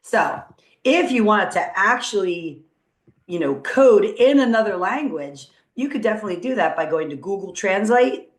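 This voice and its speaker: A woman's voice: mid-range voice, expressive, normal speed. A woman teacher walking students through a coding tutorial on screen, upbeat and encouraging as she thinks aloud. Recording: roomy echo.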